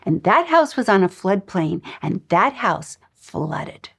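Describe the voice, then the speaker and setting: A middle-aged woman giving a spiritual lesson, an animated storyteller who acts out the dialogue in her own stories. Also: on the low side, takes it slowly, gravelly, husky. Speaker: spiritual teacher. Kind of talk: recorded lesson with personal stories.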